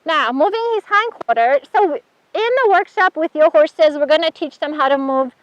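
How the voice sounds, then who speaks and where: A woman's voice: high-pitched, normal speed, no room sound. A woman instructor giving a chatty hands-on horse handling demonstration, praising the horse as she works. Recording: dull dry sound.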